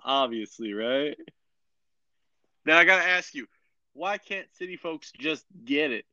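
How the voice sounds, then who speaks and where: A man's voice: on the high side, lively intonation, measured pace, sharp tone, dry recording. A young man hosting a podcast, reading questions in a playful, amused way and laughing often. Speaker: podcast host, interviewer. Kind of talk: casual podcast interview. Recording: dry dull lo-fi recording.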